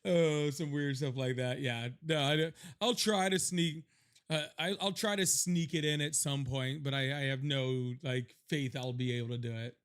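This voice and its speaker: A man's voice: a little high, fairly even intonation, normal speed, smooth. A man hosting a live political stream, chatting loosely, laughing a lot and reading out donations. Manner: loose, rambling, laughs often, reads donations aloud. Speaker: livestream host. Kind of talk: casual livestream chat.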